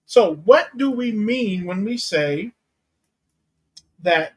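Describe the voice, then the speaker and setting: A pastor giving a teaching sermon, reading and explaining Bible verses in a deliberate way and unpacking Greek words. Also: male voice, high-pitched, expressive, rough recording. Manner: slow, deliberate Bible exposition with Greek terms.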